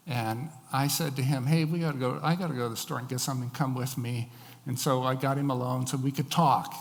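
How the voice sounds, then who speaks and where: Pastor preaching in a reverberant hall. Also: male voice, mid-range voice. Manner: storytelling, varied emphasis. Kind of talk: sermon.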